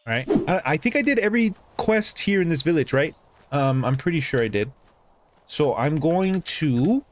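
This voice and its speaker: A young man streaming a video game, commenting in an excitable, exasperated and joking way. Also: on the high side, a little hiss or hum. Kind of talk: gaming commentary. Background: game music.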